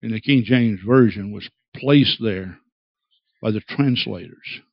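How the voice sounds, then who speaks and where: A man preaching a sermon, dramatic and acting out quoted voices with big swings in pitch. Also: unhurried, vocal fry, dry recording, lo-fi sound. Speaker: pastor.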